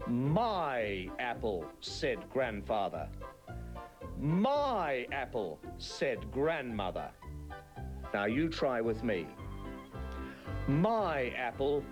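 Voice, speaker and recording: Slow, lively-voiced man teaching children to read. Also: medium pitch. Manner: slow, clear, encouraging, sing-song. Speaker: reading teacher presenter. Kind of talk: children's TV reading lesson.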